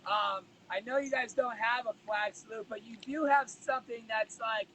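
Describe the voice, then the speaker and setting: A man hosting a casual morning chat with a guest, upbeat, with sudden leaps in pitch. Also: steady tone, moderate pace, sharp tone, a little hiss or hum, low-quality recording. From United States. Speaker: host.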